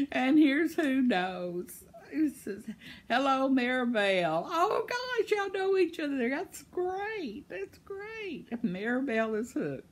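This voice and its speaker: A woman's voice: sits high, sing-song, takes it slowly. A woman, chatting casually and laughing often as she reads viewer comments on her vlog. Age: 70s. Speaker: vlogger.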